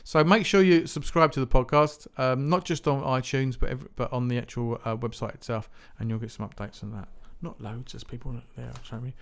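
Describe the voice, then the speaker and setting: A man's voice: mid-range voice, steady tone, fairly quick, gravelly, few pauses. A man hosting a music podcast, talking in a rambling, chatty, self-mocking way with lots of restarts. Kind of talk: casual solo podcast chat.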